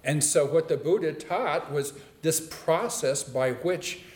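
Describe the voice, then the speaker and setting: A man's voice: on the high side, slow pace, slight background noise. Man giving a casual dharma talk in a roomy space. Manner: conversational, with playful asides. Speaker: dharma teacher. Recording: roomy echo.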